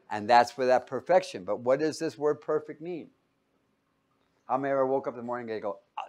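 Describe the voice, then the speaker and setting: A man teaching a Bible lesson as a sermon, joking and quizzing his listeners. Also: mid-range voice. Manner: jokey, asks the audience questions; lively, swings between loud and quiet.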